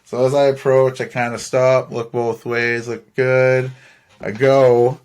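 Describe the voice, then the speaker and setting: Young guy from saskatchewan rambling through a story on his podcast, mid-pitched voice, laughs a lot, swears. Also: little pitch movement, slow pace, a little mellow, clear, resonant tone. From Saskatchewan, Canada. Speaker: podcast host. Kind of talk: casual storytelling.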